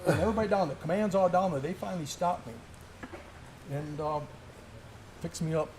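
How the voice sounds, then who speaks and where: A man's voice: a little high, fairly quick, a loud crowd. A middle-aged man, a former Special Forces soldier, telling a war story in casual chat and laughing through his words. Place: gun shop.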